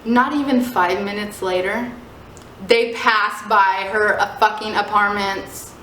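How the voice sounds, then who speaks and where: A young woman telling a story in a casual vlog, animated and swearing, full of "like". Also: mid-range voice, slow. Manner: animated, swearing, heavy use of "like". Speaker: storyteller vlogger. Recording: echoey room, faint noise.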